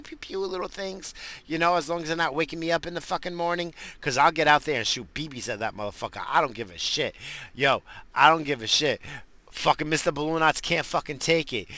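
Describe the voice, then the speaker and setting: A man who says he is high, ranting in a rambling, profane, slangy way as a comic commentator. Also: pushed and bright. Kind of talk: rambling comedic rant.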